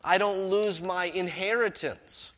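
A man's voice: high-pitched, unhurried, a bit bright. A middle-aged man preaching a sermon as pastor, mixing scripture with personal stories in a conversational way. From Canada.

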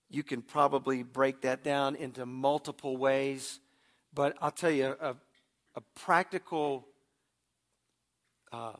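This middle-aged male pastor delivers his sermon conversationally in a mid-range, fairly bright voice. Starting a new thought, he tends to repeat and restart his opening words.

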